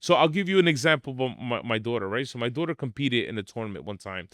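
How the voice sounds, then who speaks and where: A man's voice: mid-range voice, lively intonation, fast, a bit bright, no echo, studio quality. A middle-aged man, a martial arts school owner telling blunt, emphatic stories in a podcast interview.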